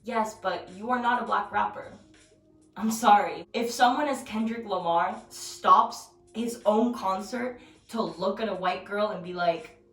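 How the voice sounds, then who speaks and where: A young woman vlogging at home in a blunt, profane, animated rant, recorded from a distance with background music. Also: medium pitch, measured pace. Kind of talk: casual rant to camera. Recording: roomy, distant from mic, music behind.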